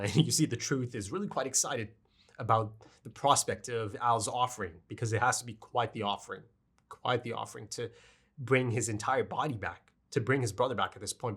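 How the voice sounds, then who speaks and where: Husky guy choked up, rambling about an anime episode, keeps asking right?. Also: mid-range voice. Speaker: anime reaction reviewer. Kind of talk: casual review monologue.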